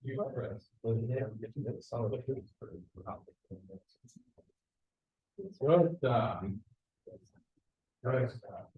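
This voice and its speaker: Male instructor, mid-pitched, upbeat hands-on coaching with quick praise, echoey training room. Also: very animated, narrow, tinny audio. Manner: encouraging, quick praise, short corrections. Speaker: martial arts instructor. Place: martial arts school, indoors.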